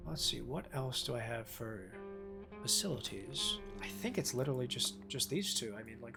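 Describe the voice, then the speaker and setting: A man's voice: mid-range voice, animated, moderate pace, gravelly, over music. A man casually chatting with viewers while he plays a game on a live stream, rambling and poking fun at himself. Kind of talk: casual live gameplay commentary.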